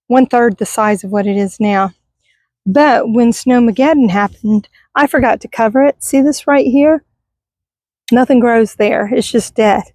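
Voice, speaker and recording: Middle-aged woman from Texas, fairly high voice, dry outdoor sound, rambling and wistful vlog chat. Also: a little mellow, dry recording. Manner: rambling, wistful, chatty with viewers. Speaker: vlogger. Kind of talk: casual garden tour vlog. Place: outdoors in a yard by a busy street. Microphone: handheld camera.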